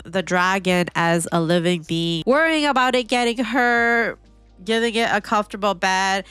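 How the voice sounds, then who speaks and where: A woman hosting an anime reaction video, chatting casually and excitably, with lots of "like" fillers. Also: on the high side, dry recording. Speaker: anime reaction channel host.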